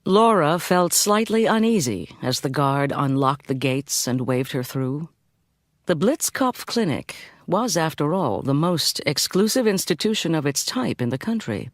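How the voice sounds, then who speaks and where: Man calmly narrating a story. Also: a little high, dry recording, clean studio sound. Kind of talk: scripted narration.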